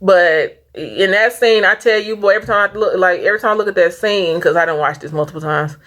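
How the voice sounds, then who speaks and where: A woman's voice: lowish voice, a bit bright. A woman vlogging a casual movie review, earnest and rambling, fighting back tears as she talks. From Saint Louis area. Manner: earnest, rambling, stops and restarts often. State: tearful, fighting back crying.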